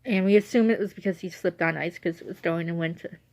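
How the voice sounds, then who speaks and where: A woman's voice: lowish voice, fast talker, a little mellow. A young woman talking casually in a rambling, self-correcting way on her vlog, emotional as she remembers her late dog. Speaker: vlogger.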